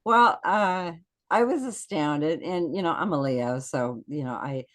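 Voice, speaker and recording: A woman's voice: low voice, measured pace. A woman guest on a podcast video call, telling stories in casual chat and acting out what people said. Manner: animated storyteller acting out quotes.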